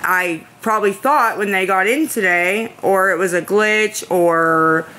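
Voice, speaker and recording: Woman streamer, defensive and anxious, pleads with chat, bright tense voice. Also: mid-range voice, unhurried. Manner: anxious, pleading and defensive, rambling with repeated phrases. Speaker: livestreamer asking viewers for money. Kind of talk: casual live-stream chat, answering viewer comments.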